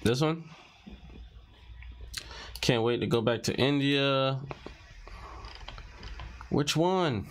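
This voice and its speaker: A man's voice: mid-range voice, extremely slow, long pauses, a little hiss or hum. A man casually reading social media posts and captions aloud, muttering and reacting as he scrolls. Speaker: commentary vlogger.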